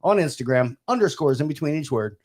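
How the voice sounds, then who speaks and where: A man's voice: fairly high pitch, animated, fairly quick, darkish tone. A man co-hosting a casual married-couple podcast, rambling with many fillers and frequent laughs. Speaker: podcast co-host. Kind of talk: casual chat.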